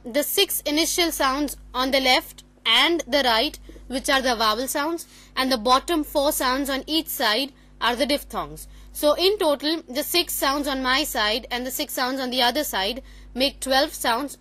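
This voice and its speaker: A woman's voice: sits high, bright, forceful tone. A woman giving a classroom presentation on phonetics, explaining step by step and correcting herself as she goes. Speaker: student presenter.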